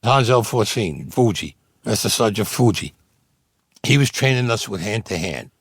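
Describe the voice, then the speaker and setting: A man's voice: fairly low pitch, animated, moderate pace, no room sound. A man, telling his war stories bluntly in an interview and acting out the dialogue. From Brooklyn, New York. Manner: gruff, blunt street talk, acts out dialogue. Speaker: interviewee, Vietnam veteran. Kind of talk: storytelling interview.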